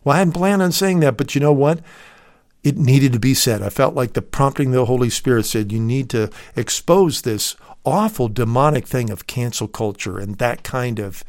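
A man's voice: medium pitch, darkish tone, no room sound. Emphatic preacher man, dry studio sound. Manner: emphatic, swells on key words; addresses listeners as dear friend. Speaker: radio preacher. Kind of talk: recorded sermon.

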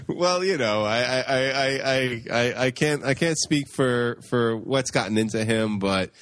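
A man's voice: medium pitch, unhurried, fairly bright tone, a little hiss or hum. A man from Long Island co-hosting a comics podcast, chatting casually and often stumbling over repeated words. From Long Island, New York. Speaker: podcast co-host. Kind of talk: casual chat.

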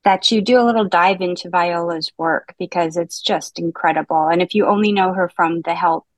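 Low-voiced woman podcast host. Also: normal speed, no echo. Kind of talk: casual book-club chat.

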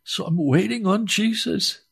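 A man's voice: high-pitched, a little slow, gravelly, fairly bright tone, slightly rough. A preacher delivers an impassioned sermon. He pleads with his listeners and sounds close to tears. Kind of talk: emotional sermon.

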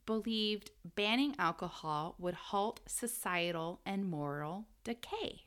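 A woman's voice: medium pitch, a little slow, hardly any pauses, a bit bright. A woman co-hosting a casual history podcast, telling the story with frequent laughs and the odd swear word. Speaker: podcast co-host.

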